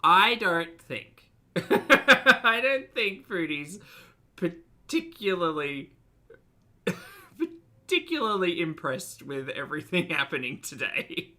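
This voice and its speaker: A man's voice: fairly high pitch, expressive, slow, pushed and bright. A young man hosting a casual reaction commentary, chatty and sarcastic, laughing often. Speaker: commentary channel host.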